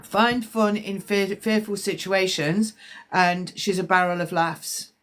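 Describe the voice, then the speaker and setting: A woman's voice: medium pitch, steady tone, takes it slowly, fairly bright tone. A woman, a psychic medium, chatting and rambling through live-stream spiritual readings as she answers viewers' comments, sounding slightly congested.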